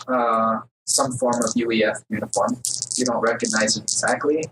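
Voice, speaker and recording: A man's voice: lowish voice, distant mic. Man, game master, hesitant with fillers, noisy home recording. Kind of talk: narrating a tabletop game.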